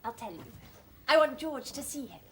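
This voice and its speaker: An actress playing an earnest, determined young woman in a period television drama, brisk and insistent. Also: high-pitched, lively intonation, a bit bright, a little hiss or hum.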